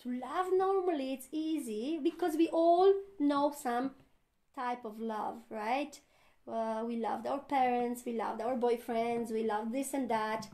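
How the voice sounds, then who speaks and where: High-voiced woman giving a spiritual talk. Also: mellow. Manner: earnest, laughs often, acts out inner voices. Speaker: spiritual teacher. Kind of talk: satsang talk.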